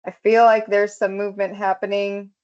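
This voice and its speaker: A woman's voice: medium pitch, flat delivery, moderate pace, darkish tone. A woman opening a presentation as project coordinator over a video call, upbeat and enthusiastic. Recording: muffled video call audio.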